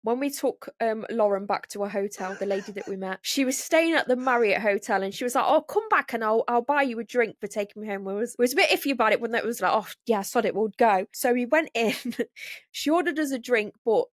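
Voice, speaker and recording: A woman's voice: fairly high pitch, brisk, no room sound, clean studio sound. A woman, co-hosting a podcast and laughing through her stories in casual chat. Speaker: podcast co-host.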